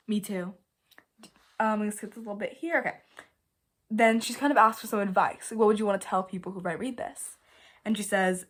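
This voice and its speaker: Young woman rambling on her vlog, playful, self-mocking, goes loud then quiet. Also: mid-range voice, fairly even intonation, moderate pace, pauses often. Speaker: video host. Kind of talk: casual vlog commentary.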